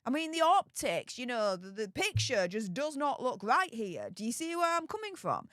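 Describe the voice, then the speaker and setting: A woman's voice: fairly high pitch, sing-song, normal speed, fairly bright tone, no echo, clean studio sound. A woman giving chatty, casual commentary on celebrity gossip and talking straight to her viewers. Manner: chatty, conversational, addresses viewers as guys. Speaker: YouTube royal gossip commentator.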